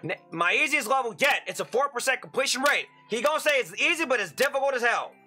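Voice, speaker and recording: A young man giving excitable gameplay commentary as a channel host, breaking into loud frustrated outbursts and crude jokes. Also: very high-pitched, fast talker, slightly rough, soft background music.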